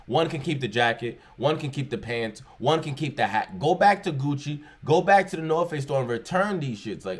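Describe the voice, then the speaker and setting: A young man hosting a reaction video, talking casually and joking, sometimes jumping into loud, high bursts. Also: animated, normal speed, hardly any pauses, slightly rough.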